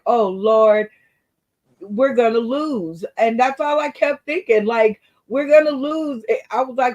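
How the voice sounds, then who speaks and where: A woman joins a live morning show as co-host, speaking at an ordinary middle pitch. She chats casually and tells how she reacted to things. Her delivery is conversational and unhurried. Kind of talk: casual live-stream chat.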